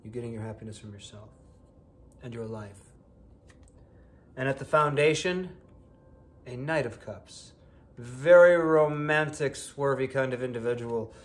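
A man's voice: medium pitch, unhurried, long pauses. Chatty man reading tarot cards. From Buffalo, New York, United States. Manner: chatty, playful, exclamatory asides. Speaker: tarot reader.

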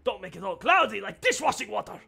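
A man voicing a jealous, pompous male bar customer in a game with a put-on accent, haughty and quick to flare up. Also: high-pitched, big pitch swings, bright, forceful tone, voice pushed up, full character voice. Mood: jealous, demanding. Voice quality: gravelly, breathy put-on accent.

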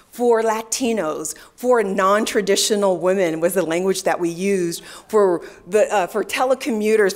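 A middle-aged woman giving a talk to an audience, telling personal stories in a lively way and acting out the voices of the people she quotes. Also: medium pitch. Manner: animated storyteller, acts out quoted voices. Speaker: speaker at a leadership event.

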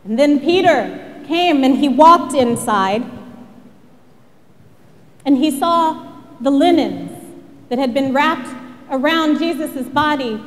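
A woman pastor delivering a sermon in a church, telling the story dramatically and sinking to a hushed prayer. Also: high voice, lively intonation, takes it slowly, pauses often, long reverb tail. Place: church sanctuary.

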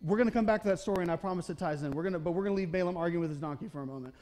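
A man's voice: high-pitched, rapid-fire, darkish tone. A man preaching a conversational sermon in a church. He keeps checking in with the congregation and briefly acts out the voices of the people in the story. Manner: conversational preaching, often checking in with "okay? right?"; acts out the Bible characters' voices in short quotes. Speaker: pastor. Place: church sanctuary.

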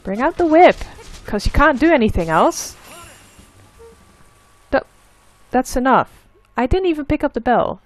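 A woman with a fairly high, animated voice talks through a video game in an unhurried drawl. She is easily frustrated and curses and yells at the screen, then laughs at herself. Faint game music plays underneath. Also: dry recording. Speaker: let's play gamer. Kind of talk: casual gameplay commentary.

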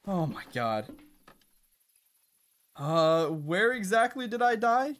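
A chatty male game streamer talking his viewers through a hunt. His voice sits a little high and swings widely in pitch, jumping up when something surprises him. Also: big pitch swings, takes it slowly. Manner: chatty, reacts loudly with laughs and gasps. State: out of breath at times. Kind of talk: live gameplay commentary.

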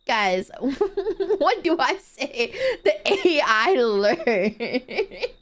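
A woman streaming a game, playful, giggly and excitable, talking to her chat. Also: high voice, extremely slow.

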